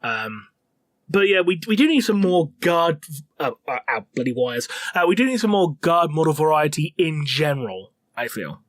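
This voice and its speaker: A man co-hosting a lore livestream, talking in a relaxed, jokey way with lots of fillers. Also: fairly high pitch, moderate pace, no room sound. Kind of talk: casual livestream chat.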